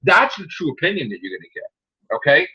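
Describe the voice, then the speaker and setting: A man's voice: on the high side, wildly swooping pitch, fairly quick, sharp tone, dull audio. A man hosting a podcast, ranting angrily about a movie with lots of profanity and heated, mocking delivery. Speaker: podcast host. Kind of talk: angry movie rant.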